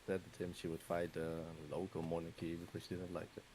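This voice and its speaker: A man's voice: deep voice, monotone, fairly quick, a little mellow, a little hiss or hum, poor audio. A Dutch man chatting casually while gaming, telling rambling anecdotes full of fillers and small laughs. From Netherlands. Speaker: Minecraft streamer's guest or co-player.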